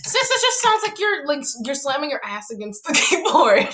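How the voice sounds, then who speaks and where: A young woman chatting casually with friends, loud and laughing, full of playful teasing. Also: sits high, sing-song, normal speed, faint music behind. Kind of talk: casual chat among friends.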